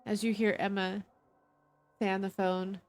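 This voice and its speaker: A woman running a tabletop horror game, narrating scenes in an unhurried, descriptive way and calling for dice rolls. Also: medium pitch, level tone, a little mellow, slight background noise. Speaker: game master.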